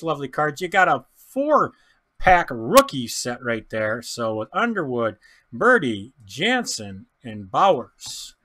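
A man giving chatty, excitable commentary while opening baseball card packs, often stumbling over player names and laughing. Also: mid-range voice, slow pace. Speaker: card pack breaker.

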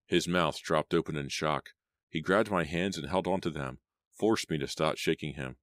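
A man narrating an audiobook in a steady, measured reading style. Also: very deep voice, no echo, clean studio sound. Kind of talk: scripted storybook narration.

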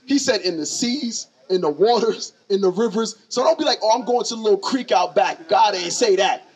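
Teaching scripture to a lively crowd, a man with a high-pitched voice talks fairly quickly, quizzing listeners in a conversational, slangy call-and-response way. The recording comes from a distant microphone.

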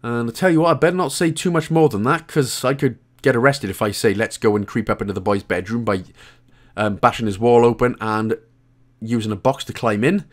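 Out of breath but still chatty, a Welsh man jokes and laughs often as he talks through a game walkthrough. He speaks at medium pitch and a fairly quick pace in casual commentary.

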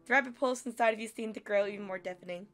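A woman's voice: mid-range voice, very fast, faint music behind. A woman streamer reading a romance visual novel aloud and reacting expressively. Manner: expressive, gushing, playful. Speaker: gaming streamer.

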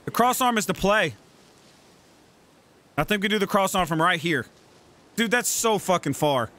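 High, lively-voiced man yelling at a game. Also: moderate pace. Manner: excitable, profane, yells at his game character. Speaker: let's play gamer. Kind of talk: gameplay commentary.

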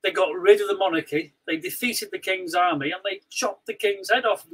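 A man with a Scouse accent, chatting on a live stream as co-host, blunt and animated, telling stories with lots of restarts. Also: high voice, a little fast, a little hiss or hum, rough recording. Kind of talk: casual live-stream chat.

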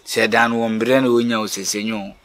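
An actor playing a boastful, coaxing property agent in a comedy film. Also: male voice, lowish voice, little pitch movement, fairly quick, fairly bright tone, slight background noise, close to an everyday voice. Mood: bargaining.

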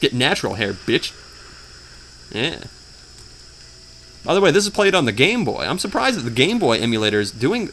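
Crude, lively man. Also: mid-range voice, moderate pace, long pauses. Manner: crude, mocking, hums the theme, tries funny voices. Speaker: let's player. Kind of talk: casual gameplay commentary.

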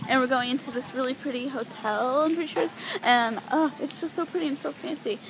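A young woman chatting in a rambling, giggly, excitable way as she vlogs on her phone while walking through stores. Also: high-pitched, brisk, slight background noise, low-quality recording. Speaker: vlogger. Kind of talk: casual vlog chat. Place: inside stores and a mall. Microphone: phone held while filming.

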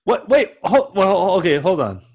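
A man co-hosting a casual movie commentary podcast, reacting excitedly to what's on screen. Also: sits high, normal speed, breathy edge. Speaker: podcast co-host.

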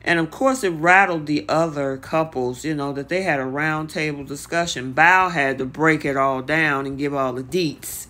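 A reality TV recap host talking casually and animatedly, often acting out the cast's lines with lots of "you know" fillers. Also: mid-range voice. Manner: animated, acts out the cast's lines in quick bursts.

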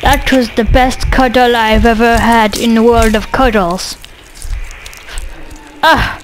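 A woman's voice: on the high side, fairly even intonation, a little slow, a little hiss or hum, rough recording. A woman doing a let's play commentary, goofy and sweary, talking back to the game. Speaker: gamer.

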